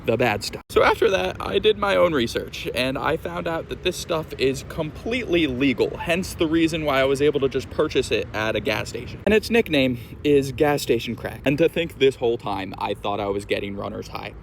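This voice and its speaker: Animated guy telling funny stories. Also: medium pitch, fairly quick, creaky, few pauses, slight background noise. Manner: animated, exaggerated storytelling. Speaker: storyteller. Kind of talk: comedic storytime monologue. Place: at home in his kitchen.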